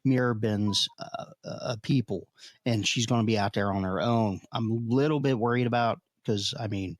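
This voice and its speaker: A man in casual chat as a podcast co-host, talking haltingly with many fillers and restarts, a little curmudgeonly by his own account. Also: fairly low pitch, dry recording, studio quality. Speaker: podcast co-host, tabletop player.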